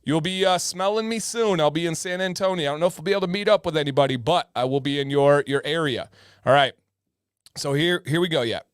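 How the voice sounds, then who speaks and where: A man's voice: fairly high pitch, quick pace, clean tone, dry recording, clean studio sound. A man hosting a casual livestream, chatty and joking, greeting viewers by name, with a slightly sore throat. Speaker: livestream host.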